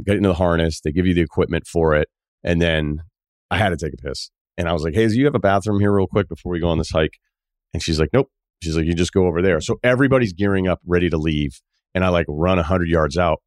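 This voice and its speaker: A deep-voiced podcast host rambles through a travel story in a loose, animated way, acting out the people he met by leaping up and down in pitch for their lines. The recording is dry and close, with no room sound and no echo.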